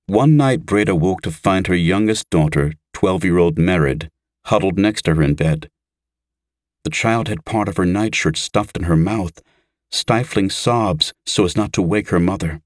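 Man, audiobook narration, very low voice, measured, even delivery. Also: no room sound, clean studio sound.

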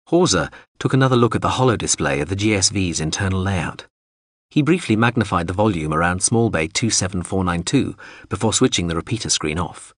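Deep, husky male audiobook narrator. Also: expressive, a little fast, no echo, clean studio sound. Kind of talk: scripted narration.

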